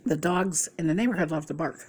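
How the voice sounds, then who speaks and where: A woman's voice: low voice, brisk, darkish tone, slightly rough. A middle-aged woman vlogger telling a rambling, gossipy story in a casual way, swearing freely. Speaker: mukbang vlogger.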